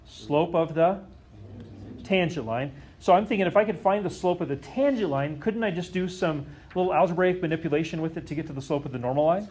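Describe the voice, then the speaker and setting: A man's voice: a little high, a little fast, darkish tone, slight background noise. A man teaching a calculus lesson to a class, often stopping to question the students and check that they follow. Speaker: math teacher.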